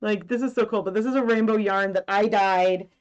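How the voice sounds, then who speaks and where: A woman's voice: mid-range voice, steady tone, brisk, clear, resonant tone, dull audio. A woman in her thirties hosting a casual knitting live stream from home, talking in a rambling way with many fillers. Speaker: knitting and yarn-dyeing host.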